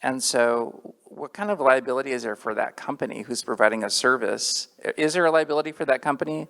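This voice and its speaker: A man's voice: medium pitch, a little fast, vocal fry, a bit bright, in a large hall. A man moderating a panel, asking questions with many hesitations. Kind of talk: panel discussion.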